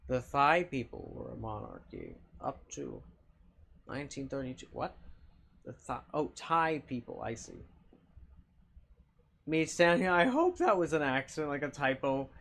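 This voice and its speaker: A man's voice: medium pitch, wildly swooping pitch, unhurried, gravelly, long pauses, a bit bright, a little hiss or hum. A man streaming live, chatting casually and reacting to chat, rambling and swearing freely.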